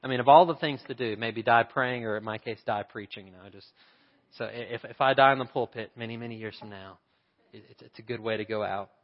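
A man's voice: mid-range voice, brisk. Man preaching in a dull echoing hall. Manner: preaching with rising emphasis and rhetorical questions. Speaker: pastor. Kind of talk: sermon. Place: church sanctuary.

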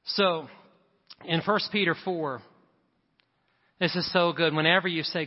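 A middle-aged male pastor preaches with a slightly raised voice, pushing his points with rising emphasis and quick asides to the crowd. The sound is a little dull, and each line rings out with long reverb from a large church hall. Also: fairly high pitch, steady tone. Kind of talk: sermon.

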